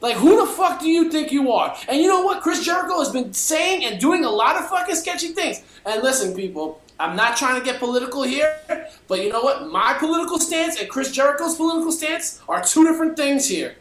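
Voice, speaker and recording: A man's voice: extremely high pitch, lively intonation, brisk, hardly any pauses, fairly bright tone, echoey room. A man co-hosting a podcast, delivering a profanity-laced, heated opinion rant. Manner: profanity-laced, fired-up ranting. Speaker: podcast co-host.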